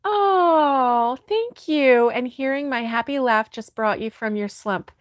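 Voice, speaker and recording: A woman's voice: on the high side, moderate pace, no room sound. A woman hosting a casual crochet livestream, reading viewer comments aloud and laughing often. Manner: giggly, laughs often, soft-hearted.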